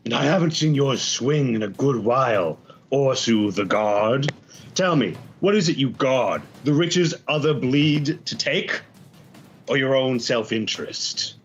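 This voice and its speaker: A man playing a calm, calculating male pirate officer who taunts his rivals in a measured way. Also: medium pitch, lo-fi sound, faint music behind. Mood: taunting.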